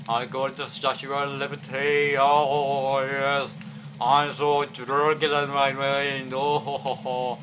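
A man's voice: mid-range voice, natural voice. A man putting on a swearing drunk guy. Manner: slurred, rambling, swearing. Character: rowdy drunk young man. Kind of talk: game voice-over role-play. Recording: muffled lo-fi with faint noise.

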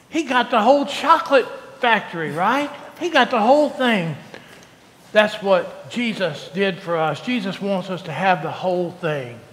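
A man's voice: high-pitched, a bit bright, in a large hall. A male pastor giving a coaxing, call-and-response children's sermon in a church. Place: church sanctuary.

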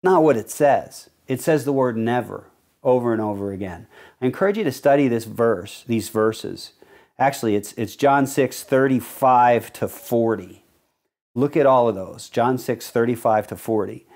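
A male pastor preaching a sermon, explaining verses in an earnest teaching manner and reading scripture slowly with stressed key words. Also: mid-range voice, darkish tone.

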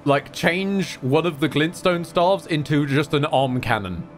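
A man's voice: a little high, measured pace, faint music behind. A young man joking and laughing while playing a co-op game, casual and a little crude. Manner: jokey, laughing, casual swearing. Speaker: streamer. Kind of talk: casual co-op gameplay chat.

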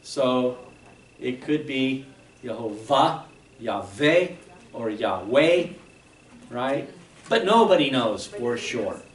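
Speaking slowly and expressively in a mid-range voice, a male pastor delivers a sermon in a church sanctuary. He explains patiently and keeps asking "okay?" to check in. The rough recording is reverberant, with a distant mic and slight background noise.

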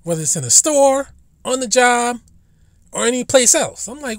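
A man's voice: very high voice, expressive, normal speed, no echo, clean studio sound. A man ranting bluntly and profanely in a casual vlog monologue, recorded in a car. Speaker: vlogger.

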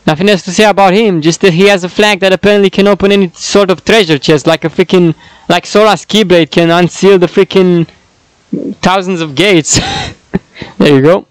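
A man's voice: high-pitched, fairly even intonation, normal speed, clean tone, no room sound, low-quality recording. A man casually commenting and joking to himself while reading out fan-made dialogues. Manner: chatty, self-mocking, laughs between lines.

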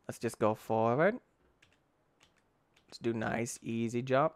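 A young man giving let's-play commentary, tired and yawning, breaking into excited yelps and shouts. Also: mid-range voice, slow pace, noisy background. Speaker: gaming YouTuber.

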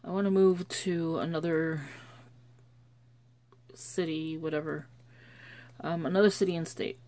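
Casual woman vlogger, low-pitched, mellow, chatty and meandering. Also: steady tone, a little slow. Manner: chatty, rambling, with restarts. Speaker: scripture-writing vlogger. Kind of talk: casual devotional vlog. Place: lives in Chicago.

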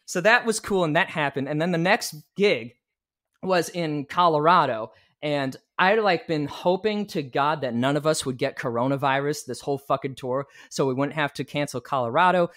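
Animated man telling road stories. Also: a little high, moderate pace. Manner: animated, quotes people in lively bursts, swears casually. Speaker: podcast guest, musician. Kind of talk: casual storytelling chat.

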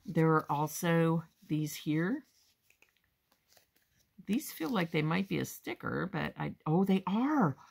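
Gushing woman with a gravelly voice. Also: sits low, slow, pauses often. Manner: gushing, excited, addresses viewers as guys. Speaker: crafting haul vlogger. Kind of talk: casual show-and-tell haul chat.

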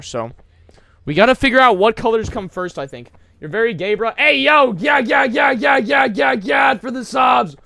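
A young man streaming a game, joking with chat and breaking into loud yelling bursts. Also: high voice, clean tone, dry recording. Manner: hyper, jokey, bursts of yelling. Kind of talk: live game streaming commentary.

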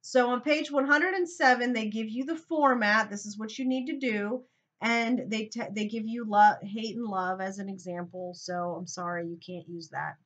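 A woman's voice: fairly high pitch, fairly even intonation, normal speed, highs cut off. A woman teacher giving a recorded grammar lesson, thinking aloud and talking straight to her students.

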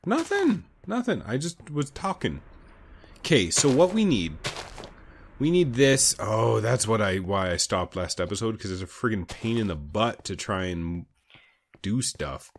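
A man's voice: on the low side, expressive, unhurried, slight background noise. A man hosting a casual gaming video, playful and jokey, slipping into silly voices. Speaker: host.

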